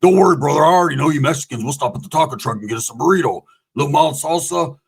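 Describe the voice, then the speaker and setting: A man's voice: a little high, very fast, vocal fry, breathy edge. A man voicing his pushy hustler buddy, who coaxes and keeps calling him brother. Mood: coaxing. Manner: coaxing, calls everyone brother.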